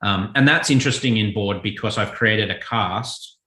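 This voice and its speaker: A man speaks in a fairly low voice with a forceful, bright edge, recorded with plenty of room echo. He talks through his answers thoughtfully, often restarting and rephrasing as he goes, in a relaxed interview manner. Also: normal speed. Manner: thoughtful, self-correcting, relaxed. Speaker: children's author and illustrator. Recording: echoey room.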